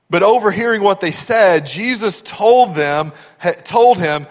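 A man's voice: high voice, expressive, measured pace, few pauses, in a large hall. A man from Texas preaching a sermon, telling stories with animation and putting questions to the congregation. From Texas, USA. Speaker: pastor.

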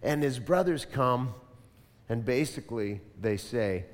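A man preaching a sermon in an animated style, asking the congregation to repeat lines after him. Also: medium pitch, unhurried, long reverb tail. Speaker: pastor.

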